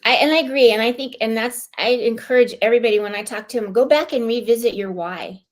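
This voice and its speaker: A woman from California, a guest on a live-streamed club show, telling a personal story in a heartfelt, animated way. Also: a little high, quick pace. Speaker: guest, club lieutenant governor.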